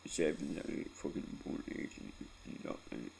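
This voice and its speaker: A man's voice: fast talker, darkish tone, slight background noise. A Scottish man in his forties telling a painful personal story in a rambling, sweary way, close to tears and often tagging on "right?". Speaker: vlogger.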